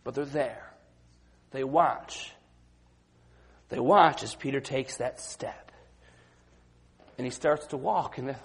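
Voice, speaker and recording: Husky-voiced man preaching a sermon. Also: expressive, slow, pauses often. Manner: dynamic, swings from quiet to loud and high when acting out the disciples.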